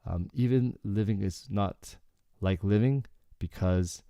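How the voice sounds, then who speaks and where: A man teaching Korean through song lyrics in a relaxed, explanatory way, often checking in with "okay" and filling with "like". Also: on the low side, takes it slowly, clear, resonant tone, dry recording, studio quality. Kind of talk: casual lyrics breakdown lesson.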